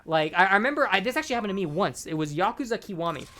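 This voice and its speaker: A man's voice: high voice, very animated, very fast, sharp tone, a little hiss or hum. A tipsy young man rambling and swearing as he commentates his own gameplay. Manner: rambling, heavy swearing, frequent restarts.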